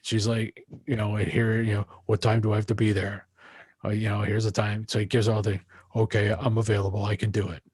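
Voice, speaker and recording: Man telling stories, slightly husky, dry sound. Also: lowish voice, a little fast, no room sound. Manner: animated anecdotes, acting out quoted voices, many restarts. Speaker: interview guest, jazz musician. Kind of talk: casual storytelling interview.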